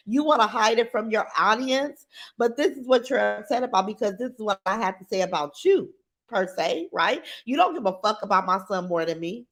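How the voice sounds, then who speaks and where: A woman's voice: medium pitch, expressive, fairly quick, a bit bright. A middle-aged woman hosting a livestream, reading viewer comments and talking in a blunt, defiant, profane way. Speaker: livestream host.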